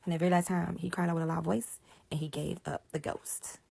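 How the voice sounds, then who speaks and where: A woman retelling a Bible passage in a casual, animated way, explaining as she goes and often dropping to a hushed whisper. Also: fairly low pitch, a little fast, vocal fry, breathy edge, no echo. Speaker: Bible storyteller.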